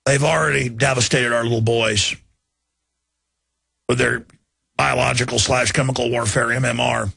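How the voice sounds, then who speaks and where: A man's voice: mid-range voice, fairly even intonation, moderate pace, gravelly, long pauses, pushed and bright, husky, no echo. A man hosting a talk radio show, delivering an urgent, indignant monologue and pleading with his listeners.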